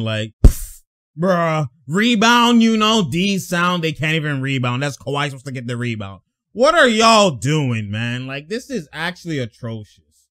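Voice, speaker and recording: A man with a high, very lively voice breaks down game film as host of his own show. His tone is bright and sharp. He talks in slangy, exasperated bursts full of exclamations. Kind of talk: sports film breakdown commentary.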